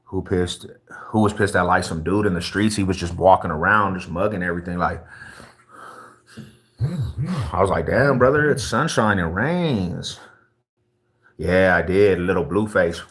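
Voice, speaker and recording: Husky low-voiced man chatting on stream. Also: fairly even intonation, moderate pace, long pauses, fairly bright tone. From Colorado, USA. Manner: laid-back street slang, greets viewers. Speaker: livestreamer. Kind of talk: casual livestream chat.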